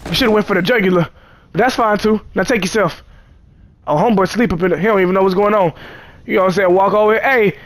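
A man's voice: high voice, fast. A man giving casual gameplay commentary, joking and cursing as he chatters to the game characters. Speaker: gamer.

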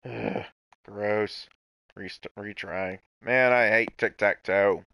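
A man's voice: fairly low pitch, steady tone, slow, sharp tone, clean tone, no echo. A man casually commenting on his own gameplay, playful and talking to himself with sudden outbursts. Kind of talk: casual let's-play commentary.

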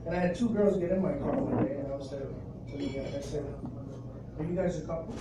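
A man, telling animated stand-up stories at an open mic and acting out other people's voices. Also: a little high, fairly quick. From the Bronx, New York. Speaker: stand-up comedian. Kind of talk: stand-up comedy set. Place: club open mic, live audience. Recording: noisy crowded room, distant and echoey.

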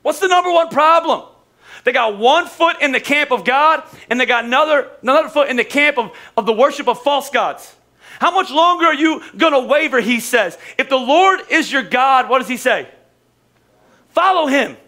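A man's voice: extremely high pitch, animated, normal speed, bright, forceful tone. A man preaching a sermon as pastor, casual and conversational, with humor and acted-out quotes.

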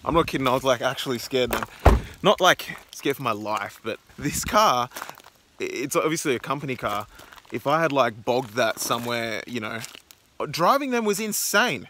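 Young aussie guy vlogging on the road, rambly and excitable, bit of noise behind. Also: medium pitch, normal speed. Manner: rambling, excitable, filler-heavy. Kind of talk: casual vlog narration. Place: in a car and outdoors.

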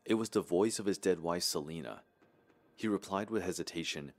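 Very deep-voiced horror story narrator. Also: male voice, fairly quick.

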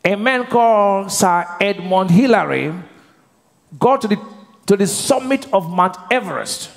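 A man's voice: high voice, animated, a little slow, creaky. A male pastor preaching a sermon, drawing the congregation into call-and-response by leaving his sentences open for them to finish. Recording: long reverb of a church hall.

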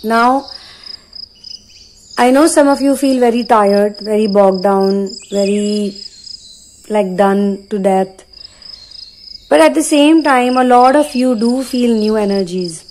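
A woman giving an earnest spiritual talk to her listeners, pausing now and then to channel messages. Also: a little high, darkish tone, a little hiss or hum, rough recording. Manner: earnest, repetitive, pauses to channel. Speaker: spiritual reader.

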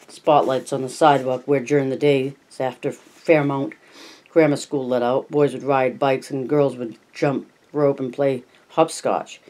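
Male audiobook narrator, steady read. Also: medium pitch. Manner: steady reading with small slips and restarts. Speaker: audiobook reader. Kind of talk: scripted narration.

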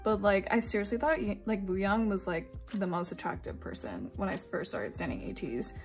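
A young woman from Singapore chatting casually while unboxing albums, giggly and gushing, now and then breaking into high squeals. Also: lively intonation, moderate pace, soft background music. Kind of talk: excited casual chat.

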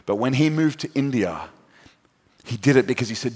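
A man's voice: mid-range voice, animated, moderate pace, pauses often, a little mellow, breathy edge. A man preaching a sermon, telling a story dramatically and acting out the people in it. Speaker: pastor. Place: large church hall. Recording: long hall reverb.

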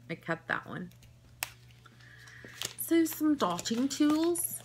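A woman vlogger chatting casually to camera while unboxing, animated and full of exclamations and asides. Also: high-pitched, extremely slow. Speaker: vlogger unboxing a nail art haul.

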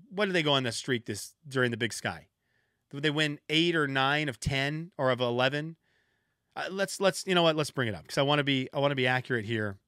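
A man delivers a solo podcast rant in a fairly high, bright, clear voice. He sounds exasperated and second-guesses himself out loud. The recording is close and dry, with no room sound. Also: dry recording. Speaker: podcast host.

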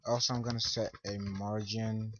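A man's voice: lowish voice, level tone, moderate pace. A teenage boy recording a casual coding tutorial, rambling and talking to himself, easily frustrated. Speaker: tutorial maker. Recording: dull lo-fi mic with loud hiss. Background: keyboard and mouse clicks.

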